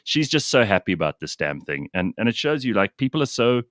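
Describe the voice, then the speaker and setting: A man's voice: lowish voice, very animated, a little fast, a bit bright, no echo, clean studio sound. A man hosting a radio show from South Africa, chatting casually and with animation.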